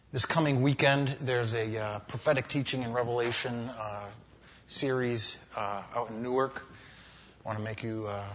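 A man sharing a short testimony and making church announcements, in a halting way that repeats words. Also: medium pitch, fairly bright tone, a little hiss or hum. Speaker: church member giving announcements.

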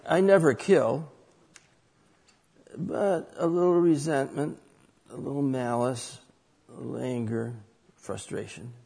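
A man's voice: mid-range voice, creaky, dark tone, breathy edge, long reverb tail. A man preaching a conversational sermon, asking rhetorical questions and telling a personal story.

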